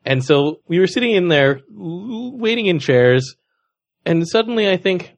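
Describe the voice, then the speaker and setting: A man's voice: high-pitched, expressive, measured pace, vocal fry. A man co-hosting a podcast in casual chat, wry and teasing. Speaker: podcast co-host.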